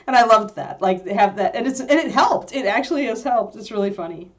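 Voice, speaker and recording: Her voice a little high and expressive, a woman co-hosting a livestream talks a bit quickly as she responds to chat. It's casual, rambling talk, heavy on fillers and quick to laughter.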